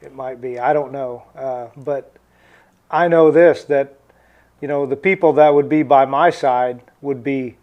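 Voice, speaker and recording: A Midwestern American farmer appears as a guest on a talk show, talking casual politics in an earnest, emphatic way. His medium-pitched voice is unhurried with fairly even intonation, and the recording's highs are cut off.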